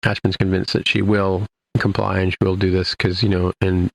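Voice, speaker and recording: A man's voice: low voice, flat delivery, normal speed, vocal fry. A man co-hosting a podcast, casually recapping an episode in a rambling way, full of restarts and "you know". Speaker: podcast co-host.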